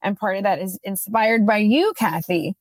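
A woman co-hosting a podcast, chatting casually and telling a lively story, acting out her own quotes. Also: medium pitch, moderate pace, no room sound. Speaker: podcast co-host.

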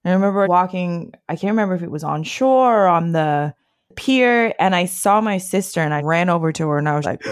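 A woman being interviewed, telling personal stories in a lively way, acting out quoted speech and laughing often. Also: lowish voice, moderate pace. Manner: animated storyteller who acts out quotes, laughs often. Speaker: interview guest. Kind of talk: casual conversation.

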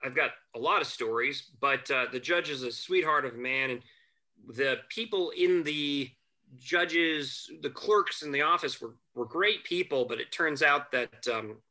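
A man who is a guest on a chat show, telling lively anecdotes and acting out quotes. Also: mid-range voice, a little slow. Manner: animated anecdotes, acts out quotes, chuckles. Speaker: podcast guest, family lawyer. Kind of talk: casual storytelling chat.

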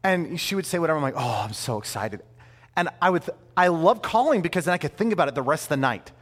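A man in his thirties preaching a sermon in a conversational, animated way, with playful asides. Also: high voice, rapid-fire, long reverb tail. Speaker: pastor.

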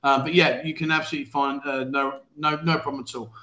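A man's voice: medium pitch, flat delivery, fast talker, pushed and bright, reverberant. A man from London with a faded London accent, hosting a casual livestream chat show, reading viewer comments and joking about himself. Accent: London English, faded. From England. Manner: chatty, self-deprecating, laughs often, mock-outraged bursts. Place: living in Thailand.

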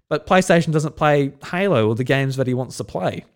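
A man's voice: mid-range voice, fast talker, few pauses. A young man from South Australia, hosting a casual podcast and telling stories in a rambling way, with many restarts. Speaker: podcast host.

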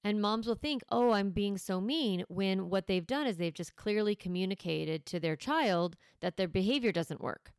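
A woman's voice: medium pitch, animated, normal speed, few pauses, smooth, no echo, clean studio sound. A woman in her thirties, a parenting coach, talking casually to listeners and acting out firm voices in quotes. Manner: warm conversational, acts out firm voices in quotes.

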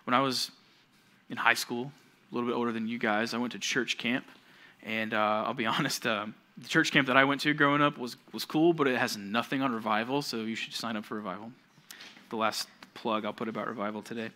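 Bright-voiced young male youth pastor. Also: mid-range voice, brisk. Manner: animated storytelling that acts out quoted voices. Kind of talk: sermon to junior high students.

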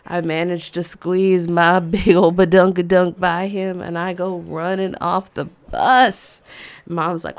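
A woman in her fifties hosting a show, telling a comic personal story in an animated, dramatic, conversational way. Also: lowish voice, slow, clean tone. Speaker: storyteller host.

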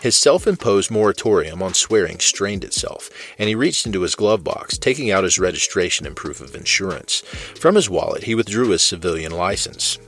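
A man narrating fiction in a steady, measured way. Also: deep voice.

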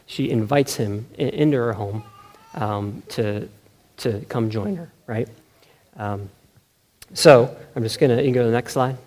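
Man, pastor, sermon, casual and animated, self-correcting, mid-range voice. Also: medium pitch, a little slow. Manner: conversational, self-correcting, keeps asking "right?"; animated, laughs often.

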